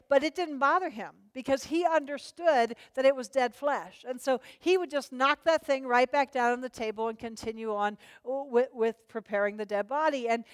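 A woman preaching a sermon with passion, swinging between loud emphatic lines and hushed, low asides. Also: clean studio sound. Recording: long hall reverb.

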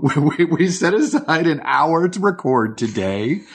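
Deadpan jokey man podcast host. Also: on the high side, slightly rough. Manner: jokey, deadpan, halting restarts. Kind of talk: casual chat.

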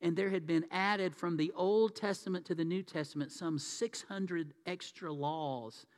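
Guy preaching, kinda high voice, long echo off the church walls. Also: unhurried. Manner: conversational preaching, rhetorical questions. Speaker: pastor. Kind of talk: sermon. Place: church sanctuary. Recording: long hall reverb.

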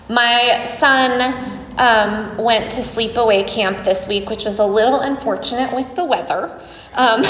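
A woman's voice: a little high, a little hiss or hum. A middle-aged woman, a yoga teacher, giving a chatty dharma talk to her class, laughing often and using many fillers. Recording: dull echoey hall recording.

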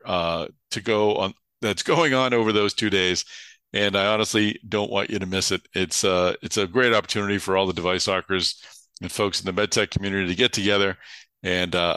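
A man's voice: on the low side, sharp tone, clean tone, no room sound. A tired man with a Boston accent hosting a podcast, talking in a loose, chatty way with lots of filler uhs. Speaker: podcast host. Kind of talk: casual podcast intro and interview.

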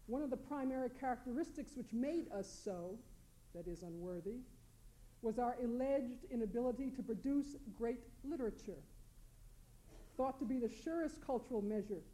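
A woman with a fairly high, mellow, warm voice delivers a prepared academic talk from a panel. She reads in a measured, deliberate way and presses hard on key words. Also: low-quality recording. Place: lecture hall panel.

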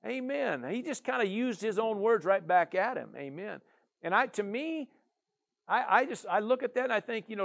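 Chatty preacher man, high voice. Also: creaky. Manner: conversational preaching, many "you know" and "amen" fillers. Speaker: pastor. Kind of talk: sermon.

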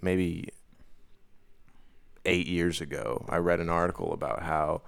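A man's voice: deep voice, a little slow, creaky, smooth, no room sound. A man co-hosting a podcast in casual chat, rambling with many fillers and restarts. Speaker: podcast co-host.

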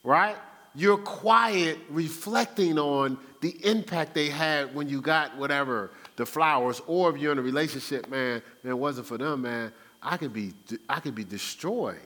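A man giving conversational Bible teaching, animated and acting out everyday talk. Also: fairly high pitch, a little slow, big-room sound. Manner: animated, acts out everyday speech. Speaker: Christian teacher. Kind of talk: conversational preaching.

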